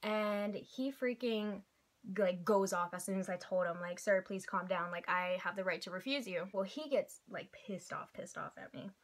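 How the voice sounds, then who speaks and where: A young woman chats away to her friend in a loose, animated way, acting out the people in her story. Her voice sits at an ordinary middle pitch and she fills her talk with easy, everyday phrasing. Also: normal speed. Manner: animated, chatty, quotes people in little voices. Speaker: vlog host. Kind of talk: casual chat, storytelling.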